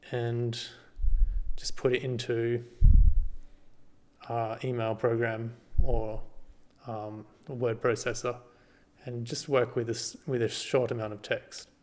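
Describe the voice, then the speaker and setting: A man casually walks through a screen-recorded tutorial, relaxed and halting, with lots of ums and restarts. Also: medium pitch. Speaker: party volunteer giving a tutorial.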